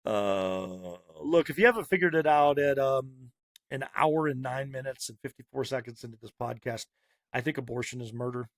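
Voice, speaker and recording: A man's voice: mid-range voice, normal speed, no echo, studio quality. A man hosting a podcast, delivering a heated, sarcastic opinion monologue with punchy repetition. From Massachusetts. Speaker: podcast host.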